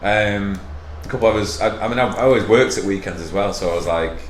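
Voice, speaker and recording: A man's voice: on the low side, fast, slight background noise. A man with a broad Manchester accent, a stand-up comedian chatting as a podcast guest, swearing freely and laughing often. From Manchester, England. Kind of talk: casual podcast chat. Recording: roomy echo, faint ambience.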